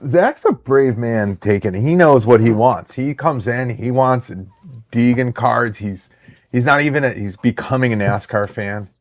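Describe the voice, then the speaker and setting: A man in his thirties hosting a live card break stream, chatting excitedly with viewers in the chat. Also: mid-range voice, a little slow.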